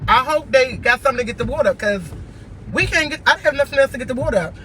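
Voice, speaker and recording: A man's voice: extremely high pitch, fast talker, sharp tone, slight background noise, rough recording. A man venting in a casual vlog, exasperated and repeating himself as he rants from inside a car. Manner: exasperated, repetitive ranting. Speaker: vlogger.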